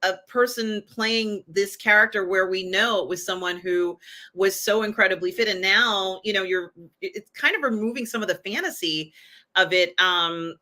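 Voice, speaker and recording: Bright-voiced opinionated woman co-host. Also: mid-range voice, moderate pace. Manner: emphatic, opinionated, many fillers. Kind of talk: casual pop culture chat.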